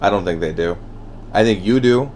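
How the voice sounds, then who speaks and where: A man giving a solo ranting monologue, blunt and profane, with wry laughs between thoughts. He swings between heated outbursts and quiet brooding. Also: lowish voice, normal speed, slight background noise. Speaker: podcast host.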